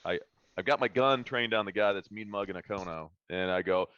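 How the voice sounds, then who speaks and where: A man's voice: fairly low pitch, brisk, fairly bright tone, clear, resonant tone, no room sound. A man playing a tabletop role-playing game online, talking bluntly and swearing casually. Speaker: player. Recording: dull dry online mic.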